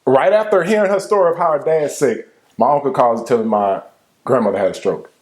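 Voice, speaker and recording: A young adult man telling the story of his relationship in casual speech, emotional and halting, with frequent restarts. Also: mid-range voice, a little mellow, echoey room. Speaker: co-host telling a couple's story.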